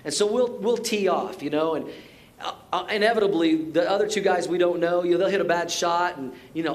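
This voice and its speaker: A middle-aged male pastor with a fairly high voice delivers a sermon. He talks like he's chatting, full of personal stories, restarts and asides. The tone stays easygoing and plainspoken. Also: brisk, a little hiss or hum. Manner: conversational storytelling with repeated words and asides.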